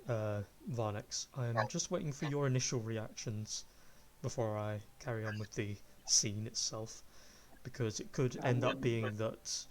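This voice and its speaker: A man running a tabletop game as game master, describing the scene at an unhurried pace. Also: lowish voice, fairly even intonation, a little hiss or hum.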